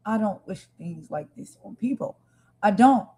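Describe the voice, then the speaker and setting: A woman of ordinary mid-range pitch hosts a live stream in earnest, impassioned commentary. She presses her points with emphatic repetition and speaks directly to the people watching. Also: lively intonation, a little slow, dark tone, breathy edge, low-quality recording. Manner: emphatic, repetitive, talks straight to viewers.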